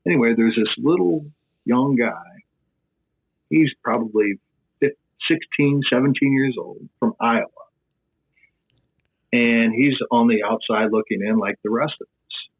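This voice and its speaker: Man, Midwestern accent, middle-aged, husky, animated storyteller, phone-like sound. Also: medium pitch, measured pace, pauses often. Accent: Midwestern American. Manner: animated anecdote-telling with filler "blah, blah". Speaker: sports broadcaster guest. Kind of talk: podcast storytelling. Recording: tinny phone-like line.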